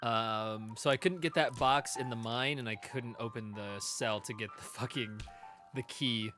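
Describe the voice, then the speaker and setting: A man streaming a video game, chatty and quick to laugh as he reads along and talks to chat. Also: mid-range voice, faint music behind. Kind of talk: casual let's-play commentary.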